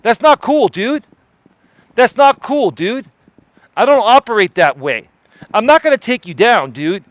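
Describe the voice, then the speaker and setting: A man hosting a live stream, delivering a confrontational, profane rant with emphatic repetition and a loudly projected voice. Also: extremely high pitch, big pitch swings, measured pace, long pauses, dry recording, low-quality recording.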